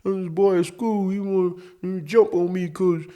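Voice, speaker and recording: A man's voice: sits high, steady tone, moderate pace, dark tone, pitched above the performer's own voice, close to an everyday voice. A man playing his younger teenage self, whining and pleading with his parents. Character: whiny anxious teenage boy, pleading.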